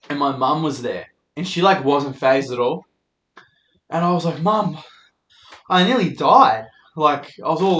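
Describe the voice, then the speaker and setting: A man's voice: medium pitch, fairly bright tone, reverberant. A man in his twenties hosting his own podcast, rambling and swearing as he pokes fun at himself, talking into a handheld microphone. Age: 20s. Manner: rambling, sweary, self-deprecating. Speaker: podcast host. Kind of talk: casual solo podcast rant.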